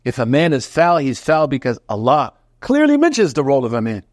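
A man's voice: medium pitch, huge pitch swings, brisk, dry recording, studio quality. A middle-aged man from Oklahoma, a Muslim preacher giving a lecture to a congregation, telling stories animatedly with slang and humor. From Oklahoma, USA.

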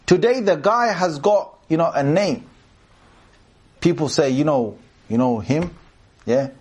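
A man giving a sermon to a live audience, animated and joking, asking the crowd questions and reciting verses in Arabic. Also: on the high side, unhurried, slightly rough. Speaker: preacher.

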